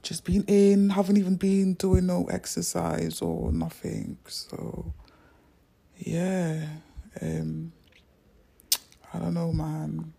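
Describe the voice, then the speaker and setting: A young woman rambles in a slow, unhurried vlog from home, recorded on her phone. Her voice is low, dark and gravelly, with a husky edge, and she often sinks into whispers and self-mocking asides. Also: flat delivery. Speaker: vlogger. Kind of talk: casual unedited vlog.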